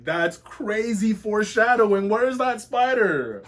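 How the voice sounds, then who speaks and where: Male webtoon reactor, unhurried but swinging wildly in pitch, constant slangy outbursts. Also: slightly rough. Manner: exclaims constantly, slangy and animated. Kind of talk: excited reaction commentary. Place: home office.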